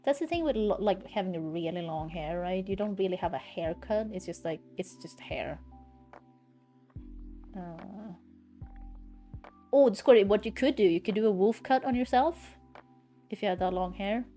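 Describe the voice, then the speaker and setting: A woman's voice: medium pitch, expressive, normal speed, pauses often, warm tone, soft background music. A woman streaming live from home, chatting casually in a blunt, ranting way and swearing freely.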